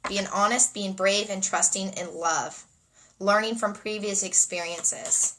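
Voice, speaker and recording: A woman's voice: medium pitch, fairly even intonation, measured pace, sharp tone, slight background noise, low-quality recording. A woman giving a spontaneous spiritual card reading, dreamy and emotional, often repeating phrases. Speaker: oracle card reader and energy healer.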